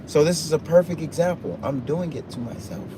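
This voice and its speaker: In a noisy truck cabin, a man with a fairly high voice speaks a little fast into his phone for a livestream. The talk is spontaneous and motivational, driven by emphatic repetition in the manner of a preacher.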